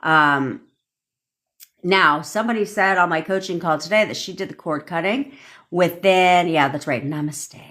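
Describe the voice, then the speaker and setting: Low-voiced, blunt, profane woman. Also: measured pace, a bit bright. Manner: blunt, profane, laughing often. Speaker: manifestation coach. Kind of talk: livestream rant.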